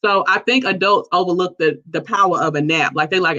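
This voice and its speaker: Slangy woman guest telling stories, bright forceful voice, muffled lo-fi audio. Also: on the low side, a little fast. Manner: chatty, slangy, animated storytelling. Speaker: guest entrepreneur. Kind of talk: casual chat. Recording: dull lo-fi sound.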